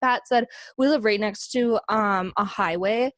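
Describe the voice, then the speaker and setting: A young woman co-hosting a podcast in casual chat, telling stories and acting out others with sudden high voices. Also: measured pace, a bit bright, no room sound. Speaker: podcast co-host.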